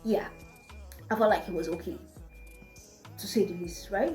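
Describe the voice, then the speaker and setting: A young woman telling a storytime vlog to her viewers, chatty and animated. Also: medium pitch, moderate pace, long pauses. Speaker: vlogger. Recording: roomy with faint music.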